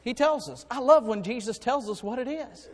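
With lively intonation at a moderate pace, a high-pitched male pastor gives a sermon in a church sanctuary. His delivery rises from hushed asides to loud, climbing calls, broken by restarted sentences and jokes with the congregation, all trailing long reverb.

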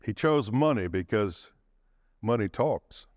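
A man preaching a sermon, swinging his pitch and pace for dramatic emphasis and calling out for the congregation's response. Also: expressive, takes it slowly, no room sound. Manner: calls for audience response.

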